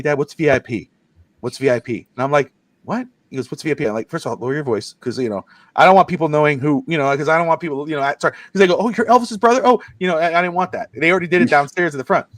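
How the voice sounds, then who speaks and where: A man co-hosting a sports podcast, telling stories in quick, excitable bursts with lots of asides. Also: on the high side, no room sound. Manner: fast, excitable storytelling with quick asides and laughs. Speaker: podcast co-host. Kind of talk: casual sports podcast chat.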